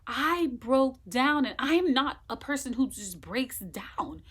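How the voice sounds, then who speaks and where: A woman's voice: high voice, big pitch swings, slow. A woman casually telling a personal story, retelling it emphatically and acting out what people said. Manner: emphatic, vivid retelling that acts out quoted dialogue. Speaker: woman sharing her birth story.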